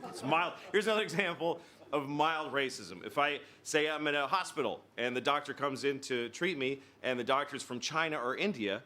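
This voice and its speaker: A man in his fifties doing stand-up comedy, telling stories in an exasperated, animated way. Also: medium pitch, normal speed. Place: stage before a live audience. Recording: live show with loud crowd laughter.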